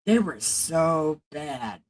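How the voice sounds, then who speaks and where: Lady slowly reading scripture on stream, chatty asides, pretty unhurried. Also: deep voice, animated, a little mellow, rough recording. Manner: slow, halting reading with chatty asides and swearing. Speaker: livestream host reading the Bible. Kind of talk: casual livestream Bible reading.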